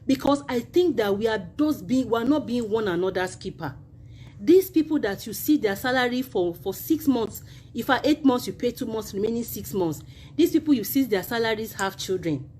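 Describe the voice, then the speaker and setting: Indignant Nigerian woman, high voice. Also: animated, moderate pace, darkish tone, slight background noise. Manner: emphatic, indignant, repetitive. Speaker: university union member. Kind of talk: impassioned video appeal.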